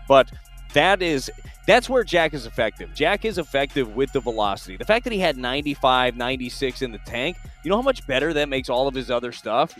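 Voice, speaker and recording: A man's voice: medium pitch, fairly bright tone. A man talking as an analyst on sports talk radio, blunt and emphatic and fond of repeating phrases. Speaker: baseball analyst.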